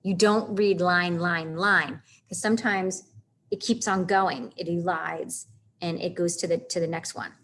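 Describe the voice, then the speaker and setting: A woman's voice: lowish voice, unhurried. Chatty woman teaching a literature lesson. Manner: chatty, animated, reads verse aloud with stresses. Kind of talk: casual classroom lecture on literature.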